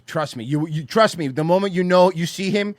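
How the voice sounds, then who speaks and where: A man's voice: a little high, brisk, no echo, clean studio sound. A man hosting a casual podcast, telling stories and swearing freely. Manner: profane, animated storyteller who acts out quotes. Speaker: podcast host.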